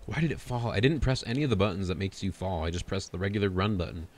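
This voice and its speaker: A man's voice: sits low, fast talker, a little mellow. A man streaming a video game, chatting to himself in a goofy, joking way. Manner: goofy, self-talking, laughs at his own jokes. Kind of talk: casual gameplay commentary.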